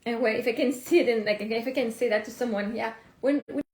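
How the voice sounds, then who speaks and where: A woman, a life coach rambling excitedly and thinking aloud in a casual live stream from her phone. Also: on the high side, brisk. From Canada. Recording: roomy echo.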